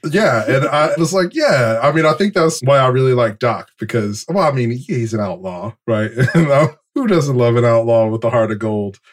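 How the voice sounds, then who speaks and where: A man's voice: mid-range voice, moderate pace, hardly any pauses. A man co-hosting a TV podcast in loose, rambling casual chat with fillers and laughs. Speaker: podcast co-host.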